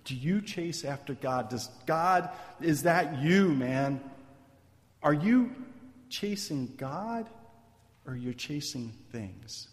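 A man preaches slowly to his congregation, and his voice sits a little high. He talks in a loose, conversational way, tossing in "right?" and "man". His voice rings with the long reverb of a church hall. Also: expressive. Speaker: pastor. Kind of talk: sermon.

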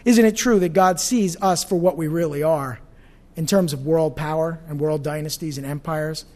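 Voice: medium pitch, moderate pace, darkish tone. A pastor teaching an evening Bible study in a conversational way, often asking the audience questions.

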